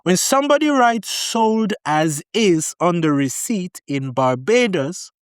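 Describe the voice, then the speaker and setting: A man's voice: sits high, slow pace, clear, resonant tone, dry recording, clean studio sound. A man vlogging casual advice, telling stories animatedly and repeating key warnings for emphasis. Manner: animated storytelling, acting out both sides of arguments. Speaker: vlogger giving advice on living in Barbados. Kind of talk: casual advice talk to camera.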